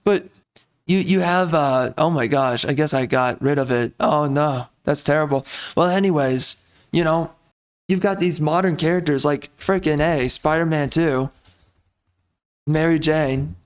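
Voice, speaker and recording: A man's voice: fairly high pitch, a little slow, clean tone. A young man hosting a ranting commentary video, rambling and stammering with frequent restarts, exasperated and mocking. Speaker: video host.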